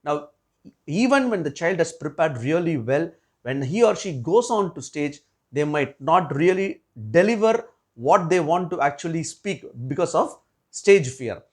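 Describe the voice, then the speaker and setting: A man's voice: a little high, animated, unhurried. A man career coach giving an earnest talk to parents, often repeating and restarting his phrases.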